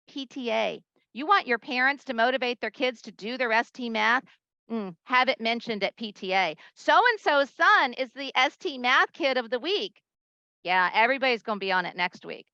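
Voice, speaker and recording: Gravelly-voiced woman presenting a talk. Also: mid-range voice, no room sound, lo-fi sound. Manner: lively storyteller, acts out quoted voices. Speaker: conference presenter. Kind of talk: conference talk.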